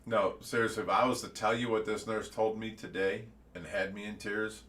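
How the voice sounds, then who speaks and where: A man's voice: fairly low pitch, level tone, normal speed, fairly bright tone, far from the mic. A man hosting a fish rescue livestream, chatting casually and earnestly, laughing at times.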